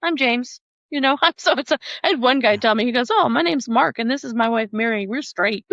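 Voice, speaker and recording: A woman who is a podcast guest, telling a personal story in an animated way, often laughing and acting out the voices of other people. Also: on the high side, normal speed, dry recording, lo-fi sound.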